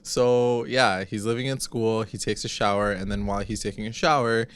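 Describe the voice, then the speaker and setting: A man's voice: fairly low pitch, steady tone, moderate pace, a bit bright, clear, resonant tone. A man co-hosting a casual TV recap podcast, laid-back and laughing often as he retells scenes. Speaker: podcast co-host.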